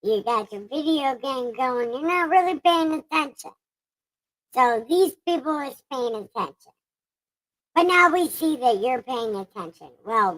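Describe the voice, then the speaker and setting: A woman doing a high, whiny, groveling sinner. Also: fairly bright tone, heavily acted, rough recording. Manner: whining, pleading, self-pitying. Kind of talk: irreverent comic scripture reading.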